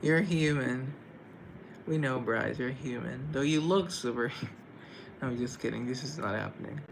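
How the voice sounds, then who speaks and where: A man's voice: medium pitch, unhurried, vocal fry, noisy background. A man from Colombia chatting casually on a live stream, answering viewers' comments in a chatty, theatrical way.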